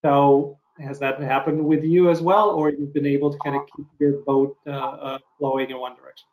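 Flat-voiced male interviewer, roomy sound. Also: medium pitch. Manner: halting, encouraging, many restarts. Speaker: interviewer, host. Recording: muffled, roomy.

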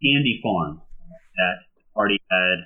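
A man's voice: sits low, lively intonation, narrow, tinny audio. A man narrating a tabletop game as game master, describing scenes with many "uh"s and "um"s. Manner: filler-heavy, descriptive, unhurried narration.

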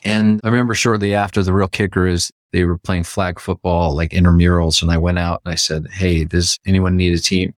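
A Canadian man with a low voice tells a personal story as a podcast guest, bringing quoted lines to life with sudden pitch jumps. Otherwise his pitch moves little, he talks a little fast with hardly any pauses, and the sound is dry and close without room echo.

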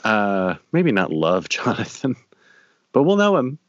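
A man's voice: on the low side, huge pitch swings, a little slow, no echo. A man co-hosting a podcast over a video call, chatting casually, laughing often and adding trivia. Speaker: podcast co-host. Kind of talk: casual recap chat. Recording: dry, dull lo-fi audio.

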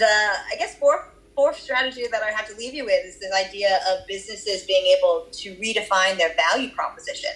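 In poor-quality audio, a research guest, a woman with a Boston accent, explains her research at length in response to interview questions, dropping in the odd filler. Her voice is mid-range with a fairly bright tone.

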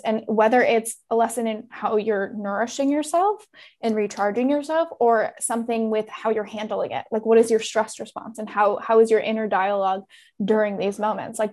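A woman guest on a podcast, talking fast and animated in casual chat. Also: mid-range voice.

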